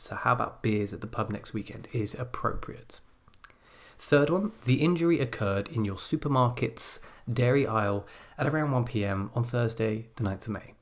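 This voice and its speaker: A man giving a recorded English grammar lesson, explaining clearly and slowing down when he reads example sentences aloud. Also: on the low side. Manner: explanatory, measured, slows down to read example sentences. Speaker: English exam teacher. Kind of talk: scripted video lesson.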